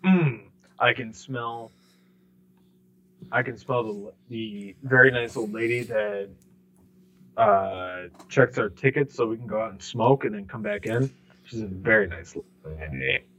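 A man, co-hosting a sports podcast in casual chat, animated and mimicking people in quick bursts. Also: medium pitch. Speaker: podcast co-host. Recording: slightly dull lo-fi sound.

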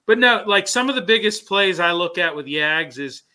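Rambling, bright-voiced male hockey co-host. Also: high-pitched, animated, moderate pace. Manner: rambling storyteller, many "you know" fillers. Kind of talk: casual sports chat.

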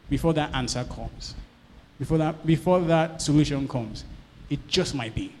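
A male pastor preaching a sermon, swinging from loud bursts to hushed lines and checking in with his congregation. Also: mid-range voice, in a large hall.

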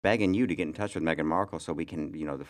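A man's voice: rumbling low, rapid-fire. A male podcast host in casual chat, blunt and ranting, often repeating his words.

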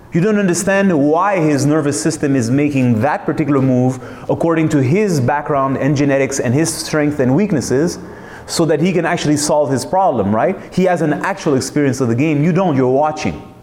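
A man's voice: a little high, a little mellow, reverberant. A man hosting a talk, speaking in an emphatic, searching way, full of rhetorical questions and restarts. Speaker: host. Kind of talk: reflective monologue.

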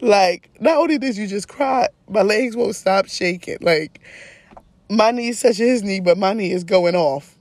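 A woman's voice: medium pitch, a little slow, darkish tone, no room sound. A woman hosting a podcast, telling a personal story in a frank, casual way, often laughing and swearing. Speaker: podcast host.

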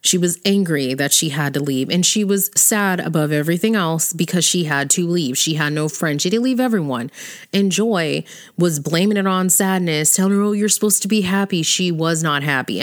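A woman's voice: sits low, moderate pace. A woman giving blunt, opinionated commentary in casual chat, swearing freely and laughing often. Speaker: vlogger ranking characters.

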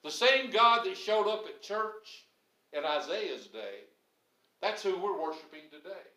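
A man's voice: high voice, expressive, measured pace, bright, forceful tone. A man preaching a sermon to his congregation, building to emphatic bursts. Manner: preaching with rising, emphatic bursts and Southern phrasing. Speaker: pastor. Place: church. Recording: echoey church sanctuary.

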